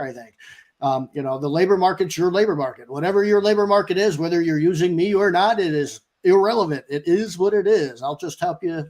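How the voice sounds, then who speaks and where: A man's voice: a little high, a little mellow. A man hosting a casual live-stream business chat, rambling with many fillers and frequent laughs. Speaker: business owner and show host.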